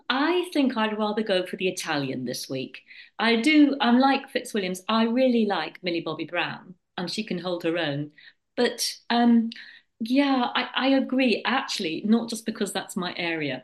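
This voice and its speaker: A woman speaking as a panel guest on a casual radio chat. Her voice sits in a middle range. She talks in a playful, animated way and bosses the others about in jest. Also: mid-range voice.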